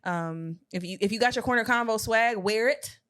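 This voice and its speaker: A woman with a fairly high voice chats loosely on a podcast. She teases the others and breaks into laughter often. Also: moderate pace, a bit bright. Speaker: podcast co-host running a word game. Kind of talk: casual chat.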